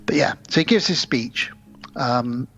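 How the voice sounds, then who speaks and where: Podcast co-host, man, husky voice, lively storyteller. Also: mid-range voice, unhurried, faint music behind. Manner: animated, acts out film lines in put-on voices. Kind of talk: casual film discussion. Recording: slightly dull lo-fi sound.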